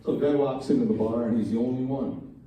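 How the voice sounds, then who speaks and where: A man's voice: mid-range voice, steady tone, fast talker, mellow, a little hiss or hum. A man telling a string of jokes at a talent show in a folksy storytelling way, giving the quoted lines small voice shifts. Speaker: joke teller at a college talent show. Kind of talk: stand-up joke telling. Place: event hall at a talent show. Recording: very echoey hall from far off. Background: faint room ambience, audience laughs.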